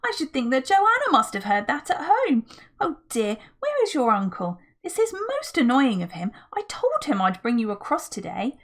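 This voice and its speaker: A woman's voice: high voice, huge pitch swings, normal speed, voice pushed up, full character voice. Aunt Fanny, a woman reading a fussy motherly aunt. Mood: fretful.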